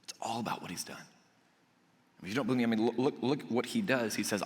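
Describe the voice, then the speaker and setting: A male pastor preaching a sermon in a conversational storytelling way, dropping to soft, earnest emphasis. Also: mid-range voice, quick pace. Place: church auditorium. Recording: echoey church hall.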